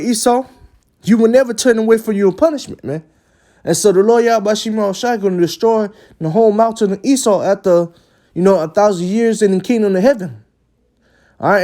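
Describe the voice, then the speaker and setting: High-voiced man preaching emphatically. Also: a little fast, mellow. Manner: emphatic, ends phrases with "man"; stumbles and repeats words. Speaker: religious teacher. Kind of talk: preaching lesson.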